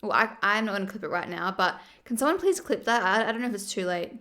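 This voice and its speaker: A woman chatting casually on a livestream, animated and quick to laugh. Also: medium pitch. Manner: chatty, giggly, animated storyteller.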